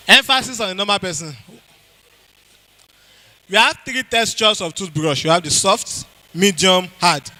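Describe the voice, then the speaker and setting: Nigerian guy giving a health talk at church, highish bright voice, keeps quizzing the crowd. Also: animated, normal speed, long pauses, low-quality recording. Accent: Nigerian English. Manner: quizzes the audience, repeats key phrases.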